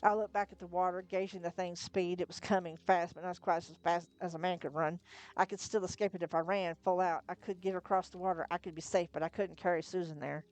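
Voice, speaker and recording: A woman reading a novel aloud on a live stream, narrating in the first person with steady storytelling and occasional self-corrections. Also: lowish voice, a little fast. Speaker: narrator, reader.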